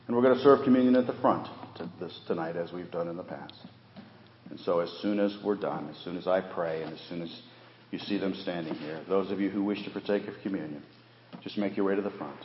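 Pastor, male, low voice, sermon style, moves between emphatic and hushed, dull recording from a church hall. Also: a little hiss or hum. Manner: quotes scripture, swings between raised emphasis and hushed delivery. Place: church sanctuary during an evening service. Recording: echoey hall, dull lo-fi sound.

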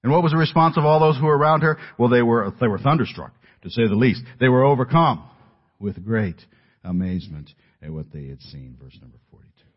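A middle-aged man preaching a sermon in an earnest, emphatic way, dropping his voice low at key words. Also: lively intonation, fairly quick. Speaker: pastor. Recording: dull lo-fi audio.

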